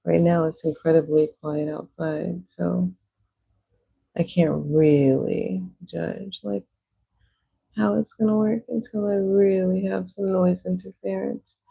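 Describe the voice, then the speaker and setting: A woman's voice: on the low side, fairly even intonation, slow, vocal fry, breathy edge, highs cut off. A young woman livestreaming, chatting casually while she paints, rambling with lots of "like" fillers.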